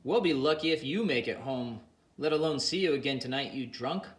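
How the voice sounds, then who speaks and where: A man voicing an exasperated, sharp-tongued young woman who scolds in a raised voice, in an audiobook reading. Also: mid-range voice, expressive, brisk, lightly acted. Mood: scolding.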